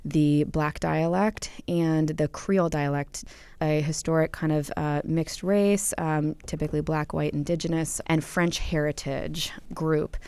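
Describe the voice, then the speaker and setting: A woman's voice: low voice, steady tone, unhurried, darkish tone, clear, resonant tone, dry recording. A woman researcher answering interview questions, thoughtful and explanatory, with many ums and uhs. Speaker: linguistics researcher.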